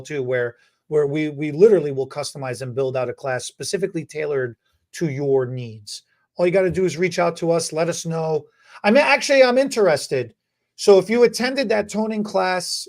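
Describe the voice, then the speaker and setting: A man co-hosting a beauty podcast, telling stories in a lively, casual way and often repeating words. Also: fairly high pitch. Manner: animated, repeats words, acts out quotes. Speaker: podcast co-host, hair educator. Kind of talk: casual storytelling chat.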